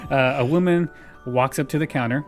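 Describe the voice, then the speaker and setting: A podcast host recaps a sitcom episode in a relaxed chat, laughing often as he retells scenes. His voice sits in an ordinary middle pitch at normal speed, with faint music underneath.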